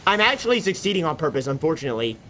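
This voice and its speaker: Goofy streamer with a lively, high voice. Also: male voice, rapid-fire, slight background noise. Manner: goofy, self-mocking banter with sudden silly voices. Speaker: game streamer. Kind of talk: casual gameplay commentary.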